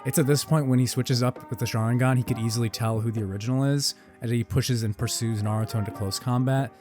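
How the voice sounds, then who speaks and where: A young man co-hosting a casual chat in a middling-pitched voice. He rambles loosely and leans on fillers as he works through his thoughts. Faint music sits in the background. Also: steady tone, fast, a little mellow.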